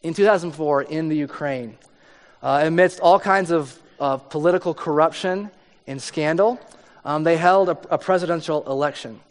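A pastor with a slightly high voice delivers a conversational sermon at a moderate pace, reading scripture and explaining it. Now and then he acts out the people in the story, his voices rising in intensity. The recording carries a long hall reverb.

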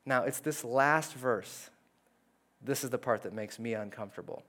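Reading scripture and performing the characters' lines in lively voices, this pastor delivers his sermon conversationally. He has a mid-range voice and speaks at a moderate pace.

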